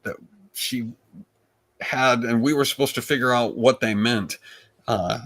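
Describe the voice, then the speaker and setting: A man, a comedian guest, telling stories in a rambling, animated way with frequent restarts. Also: mid-range voice, a little slow. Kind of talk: casual storytelling chat.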